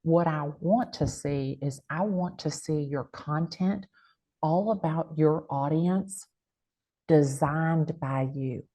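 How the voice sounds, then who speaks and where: Slow and dark-toned, this woman's low voice carries a strong American country accent. As a real estate agent and guest speaker in a motivational interview, she hands out emphatic, punchy advice packed with folksy catchphrases.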